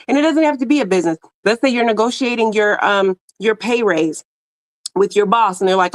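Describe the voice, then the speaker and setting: A woman's voice: medium pitch, a little fast, no echo. Casting: woman, tarot reader, laid-back slangy delivery, dry close sound. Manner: slangy, talks to viewers directly with many fillers. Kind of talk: casual tarot reading to viewers.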